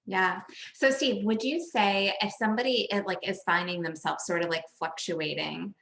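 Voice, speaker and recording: A woman's voice: medium pitch, fairly even intonation, moderate pace, vocal fry, fairly bright tone. A woman hosting an interview, asking long questions with a lot of likes and ums. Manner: filler-heavy, searching phrasing with many likes and ums. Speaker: podcast host.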